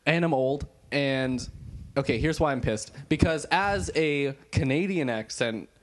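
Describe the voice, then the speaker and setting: A man's voice: on the high side, a little slow. A man co-hosting a comedy podcast in a studio, mock-serious and teasing while riffing on bits. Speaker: podcast co-host. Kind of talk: improvised comedy chat.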